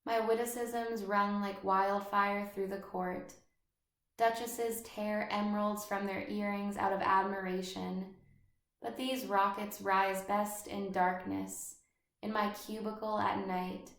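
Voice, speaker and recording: A brooding schoolboy who feels like an outsider, read by a woman. He speaks slowly and evenly with little lift in the pitch. The voice carries a roomy echo. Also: level tone, fairly bright tone.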